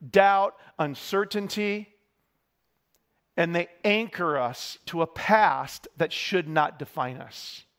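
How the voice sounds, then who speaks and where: A man's voice: a little high, a bit bright. A man preaching a sermon, telling candid, self-deprecating stories to his congregation.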